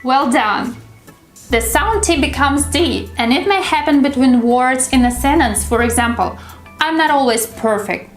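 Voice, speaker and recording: Woman, high voice, teacher, patient pronunciation drills, roomy echo, light music behind. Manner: slow, deliberate modeling of sounds. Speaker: English teacher. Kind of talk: scripted pronunciation lesson. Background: faint background music.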